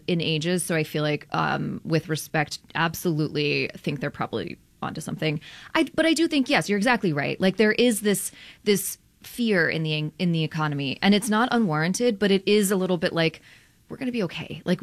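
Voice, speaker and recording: A woman guest on a radio interview talks animatedly and casually, laughing often and filling her sentences with "like". Her voice sits a little low for a woman. The sound is dry and close, with no room echo. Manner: animated, quick, laughs often, many "like" fillers. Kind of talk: conversational interview.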